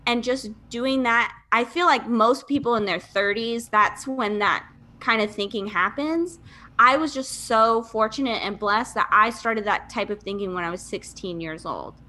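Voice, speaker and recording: A woman's voice: a little high, moderate pace, pushed and bright. A woman in her thirties from Michigan, a podcast guest telling her life story candidly in casual, chatty talk with fillers and laughs. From Michigan, USA.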